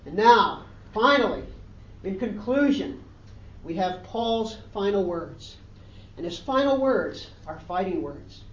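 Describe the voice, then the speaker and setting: A woman preacher delivering a sermon with emphatic, repetitive stress on key phrases. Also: mid-range voice. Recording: dull, roomy sound picked up from a distance.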